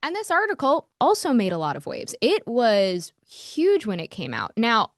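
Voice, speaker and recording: A woman's voice: fairly high pitch, wildly swooping pitch, moderate pace, no echo, clean studio sound. Candid, fired-up woman podcast host. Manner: heated, frank, swears, lots of "like". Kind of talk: casual monologue.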